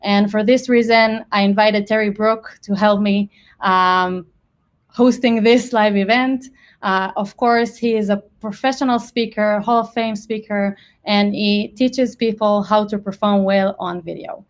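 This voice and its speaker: A woman's voice: mid-range voice, fairly even intonation, a little slow. A woman hosting a live online workshop over a video call, welcoming the audience in a friendly way. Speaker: product marketing manager, webinar host.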